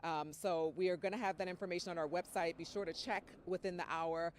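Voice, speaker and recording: A woman's voice: fairly low pitch, fairly even intonation, quick pace, slight background noise. A woman field reporter giving a live TV news report from outdoors on location, chatty and casual. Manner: chatty, casual, warm-hearted.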